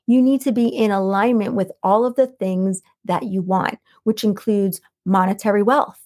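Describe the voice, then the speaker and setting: A middle-aged woman hosting her own podcast, coaching listeners in a calm, soothing voice and reading quotes out slowly. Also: mid-range voice. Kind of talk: solo podcast teaching.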